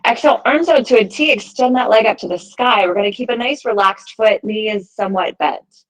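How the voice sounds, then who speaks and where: A woman teaching a yoga class, giving calm, encouraging cues timed to the breath. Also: medium pitch, a little fast, rough recording. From United States. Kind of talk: guided yoga class instruction.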